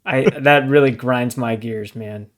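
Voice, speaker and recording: A young man co-hosting a book podcast, talking in a chatty, animated way and often saying "dude" and "like". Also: medium pitch, a little slow. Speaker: podcast co-host. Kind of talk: casual book discussion.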